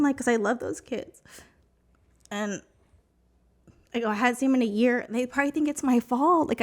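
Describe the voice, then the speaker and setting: A woman from New Mexico, a podcast guest, telling a personal story in an emotional, chatty way, full of "like" and "you know". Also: on the high side.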